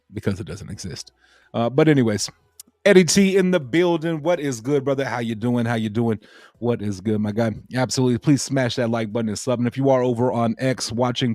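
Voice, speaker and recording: Mellow, low-voiced casual stream host. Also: male voice, dry recording, studio quality. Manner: rambling, many "uh" fillers and repeats. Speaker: crypto livestream host. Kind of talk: casual livestream chat.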